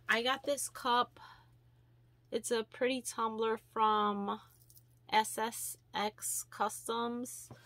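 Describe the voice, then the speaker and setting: Young woman, casual vlog chat, gravelly fry, gushing and filler-heavy. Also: fairly high pitch, fairly bright tone, dry recording. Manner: chatty, gushing, with many fillers. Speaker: vlogger.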